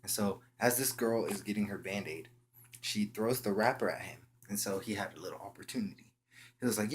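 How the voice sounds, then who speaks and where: A young man with a low voice tells a story casually, full of slang. He halts often and restarts his sentences. A faint hum runs behind his voice. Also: fairly even intonation. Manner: slangy, halting, with frequent restarts. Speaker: vlogger.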